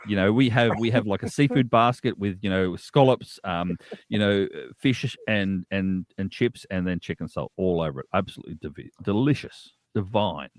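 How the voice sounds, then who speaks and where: A man's voice: low-pitched, normal speed, hardly any pauses. A man with an Australian accent, co-hosting a casual podcast chat in a playful, rambling way. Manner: playful, trails off with fillers. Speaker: podcast co-host.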